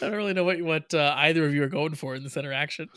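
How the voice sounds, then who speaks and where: A man's voice: on the high side, very fast, a bit bright, smooth, no room sound, studio quality. A man co-hosting a podcast, who laughs often and teases his friend in casual chat. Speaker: podcast co-host.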